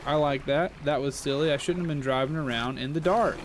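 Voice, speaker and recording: Animated man narrating a game. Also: a little high, brisk, a little hiss or hum. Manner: animated, exclaiming, reads text aloud. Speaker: gaming channel host. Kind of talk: let's play commentary. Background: game music.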